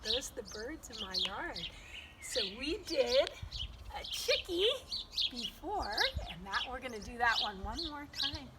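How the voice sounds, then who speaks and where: High sing-song woman coaching kids' yoga. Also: lively intonation, a little slow, very noisy. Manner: gentle, coaxing, playful with sound effects. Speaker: yoga teacher for young children. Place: outdoors in a yard with birdsong. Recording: outdoor recording with loud birds. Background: loud birdsong.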